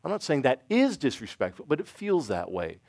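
A middle-aged man giving an informal church talk with audience questions, self-deprecating and halting, with many restarts. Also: mid-range voice, huge pitch swings, a little mellow, no echo, studio quality. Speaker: church teacher. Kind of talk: informal sermon with Q&A.

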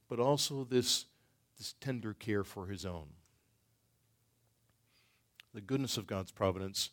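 A man teaching a church Bible study class, thinking aloud in a halting way with many pauses and restarts. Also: mid-range voice. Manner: thoughtful, halting, with frequent ums and restarts.

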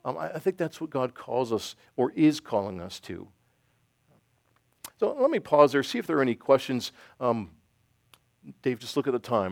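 Halting, self-deprecating male church teacher. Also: mid-range voice, no echo, studio quality. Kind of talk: informal sermon with Q&A.

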